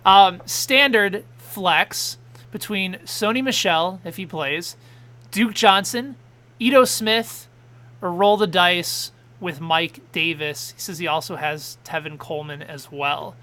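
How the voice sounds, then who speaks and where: Fronting a live fantasy football show, this man speaks in a high register. He trades rapid, eager exchanges and works through questions sent in by his audience.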